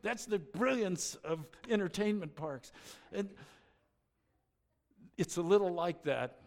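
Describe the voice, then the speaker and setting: A middle-aged man preaching a sermon as pastor, conversational and animated, acting out little stories with exclamations. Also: sits high, slow pace, creaky.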